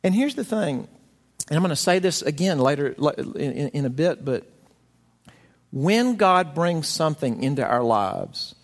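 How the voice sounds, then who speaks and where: With a voice on the high side and a big-room sound, a male pastor delivers a conversational sermon. He's an expressive storyteller who performs his quotations dramatically.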